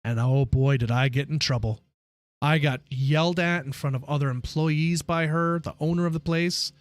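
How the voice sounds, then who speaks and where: A man streaming live, telling stories in a casual, profane, animated way. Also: fairly high pitch, normal speed, no room sound.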